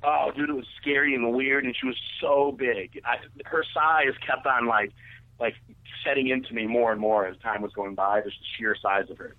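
A man rambles through a crude personal story on the radio, stacking "like" and restarting his sentences. His voice sits at an ordinary middle pitch. The sound is narrow and tinny, like a phone line. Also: steady tone, normal speed. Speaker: guest telling a story on a radio show. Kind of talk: casual storytelling.

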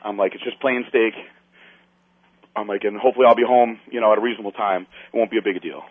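A man's voice: fairly low pitch, fast, dry recording. A man telling a story in casual chat, acting out the other people's lines and swearing as he goes. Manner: animated storyteller, acts out quotes, swears. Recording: tinny phone-line sound.

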